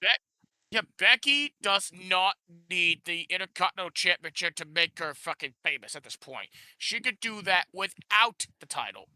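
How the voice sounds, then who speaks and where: A man with a high, very bright and sharp voice chats about wrestling on a podcast. He speaks haltingly, leaning on "like" and restarting words. The sound is dry and close. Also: lively intonation, dry recording, low-quality recording. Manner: halting, leans on "like", repeats words. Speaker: podcast co-host. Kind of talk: casual wrestling recap chat.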